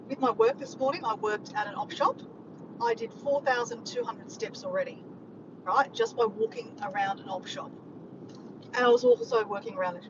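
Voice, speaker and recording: An Australian woman tells stories to her viewers in a chatty, excitable vlog. Her voice sits high and swoops all over as she talks. The audio is dull and lo-fi, with clear background noise underneath. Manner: chatty, excitable, keeps addressing viewers as guys. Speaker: vlogger. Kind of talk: casual chatty vlog storytelling.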